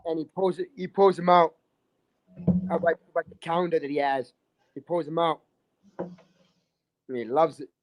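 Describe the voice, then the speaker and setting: A man's voice: on the high side, steady tone, unhurried, long pauses, faint music behind. A man telling a rambling story in casual chat, restarting phrases and filling with "like". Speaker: livestream guest.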